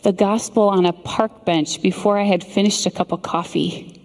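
A middle-aged woman giving a sermon, telling a story in an earnest, measured way with dramatic pauses. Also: mid-range voice, fairly even intonation, darkish tone. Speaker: speaker. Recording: long hall reverb.

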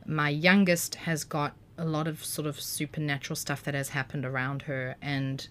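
Aussie woman on a podcast, low voice, tells stories all animated, swears a bit. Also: moderate pace. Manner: animated, vivid storyteller, casual swearing. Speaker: podcast guest. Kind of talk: casual storytelling.

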